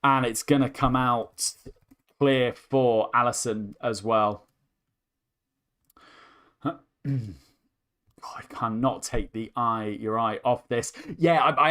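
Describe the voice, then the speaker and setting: A young man hosting a live football watchalong, commentating with rising excitement as his voice starts to go hoarse. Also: mid-range voice, takes it slowly, long pauses. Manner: excitable, voice climbs sharply with the action. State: voice going hoarse. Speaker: host.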